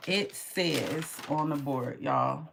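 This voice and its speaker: A woman tarot reader chatting casually on a live stream, telling stories in an animated way and swearing freely. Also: low voice, drawn-out words, gravelly, heavy background noise.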